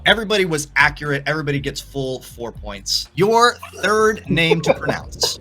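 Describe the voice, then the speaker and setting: A man's voice: a little high, big pitch swings, moderate pace, bright, forceful tone, a little hiss or hum. A man hosting a live-streamed trivia game show, playful and teasing with his contestants.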